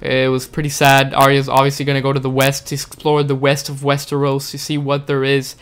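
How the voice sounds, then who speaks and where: A man's voice: medium pitch, completely flat delivery, a little fast, smooth. A man giving a frustrated, swearing, dejected rant in a casual video review, sounding upset. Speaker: show reviewer.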